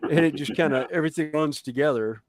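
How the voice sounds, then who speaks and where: A man with a Southern American accent, chatting casually and telling stories with an animated delivery. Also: fairly high pitch, fast talker. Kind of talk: casual chat.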